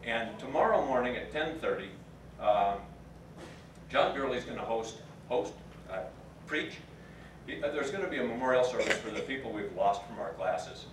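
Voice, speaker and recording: A man's voice: medium pitch, lively intonation, normal speed, background noise. A man in his fifties giving a folksy, plain-spoken storytelling speech at a class reunion, sometimes choked up. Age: 50s. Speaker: reunion speaker. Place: large room at a class reunion. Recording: echoey room, picked up from a distance.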